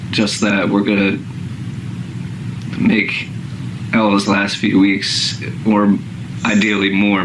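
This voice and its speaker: A man talking to his viewers in a hesitant way, with many fillers. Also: fairly low pitch. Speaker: vlogger. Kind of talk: casual talk to camera. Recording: roomy clip with vehicle noise.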